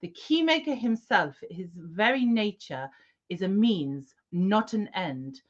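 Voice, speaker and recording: A woman playing a smug male French information broker, speaking slowly and lecturing. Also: mid-range voice, lively intonation, highs cut off. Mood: lofty.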